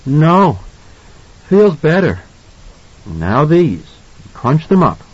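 Anxious young mother, husky and high-strung, pleading and frantic, put on by a male audiobook narrator, muffled lo-fi recording. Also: big pitch swings, extremely slow, exaggerated voice. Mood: worried, tender. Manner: anxious, pleading, near-hysterical. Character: frightened, shrill young mother.

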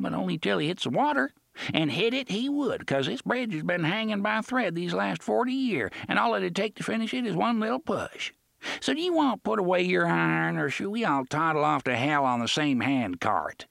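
A man's voice: high voice, big pitch swings, fairly quick, gravelly, fairly bright tone, no echo, studio quality, pitched above the performer's own voice, full character voice. A man voicing a dying, ragged old male pirate who talks in thick slang, friendly and threatening at once. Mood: menacing chummy. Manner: thick slangy speech, chummy yet threatening.

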